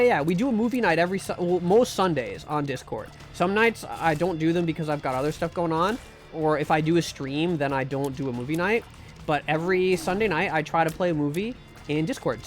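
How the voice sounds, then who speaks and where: A man streaming live, chatting casually and rambling with jokes while playing a game. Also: fairly high pitch. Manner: rambling and joking, with restarts and mock pleas. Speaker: streamer and VTuber. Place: home room.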